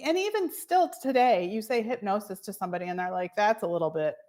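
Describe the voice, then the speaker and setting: A woman working as a fertility coach, chatting as a podcast guest and telling her own story with lively quoted asides. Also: mid-range voice, quick pace. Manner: chatty storyteller, animated quoting of others. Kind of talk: casual interview conversation.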